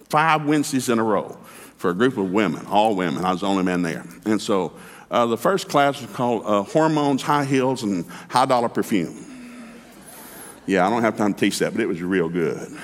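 A man delivers a lively sermon, folksy and humorous, breaking into emphatic commands and acted-out dialogue. His mid-range voice leaps up and down in pitch. It rings with long reverb from a large hall. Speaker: preacher.

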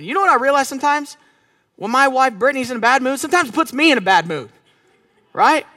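Middle-aged male pastor, very high and bright voice, chatty emphatic sermon with audience questions. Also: no room sound, clean studio sound.

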